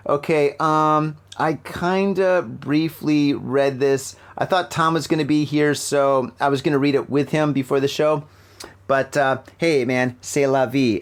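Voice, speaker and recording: A middle-aged American man hosting a casual news chat from home, rambling and joking as he reads stories haltingly. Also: on the high side. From United States. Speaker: podcast host. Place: home room with a fan running. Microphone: laptop mic.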